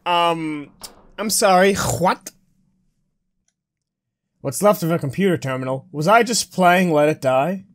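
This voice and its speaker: A woman's voice: on the low side, measured pace, pauses often. A woman giving playful, joking commentary while playing a video game. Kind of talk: let's play commentary.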